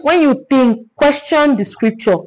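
A woman leading a Bible study, teaching in an animated way, repeating herself and asking rhetorical questions. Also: sits high, measured pace, poor audio.

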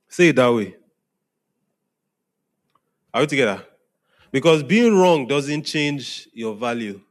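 Speaking slowly with long pauses and big pitch swings around a medium pitch, a pastor addresses a young congregation. He preaches conversationally, repeatedly checking in with "are we together?"

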